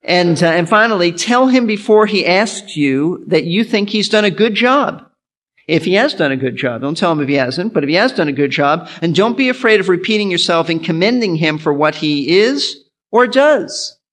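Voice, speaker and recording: A man's voice: high voice, lively intonation, moderate pace, a bit bright. A male pastor giving an earnest sermon, teaching in an instructive way and repeating his key points.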